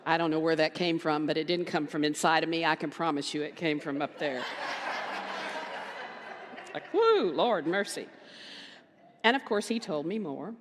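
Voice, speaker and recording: A woman minister giving a conversational sermon, telling a story with animated quoted voices and emphatic repetition. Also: sits low, quick pace, few pauses, a little hiss or hum. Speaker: guest minister. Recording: reverberant hall.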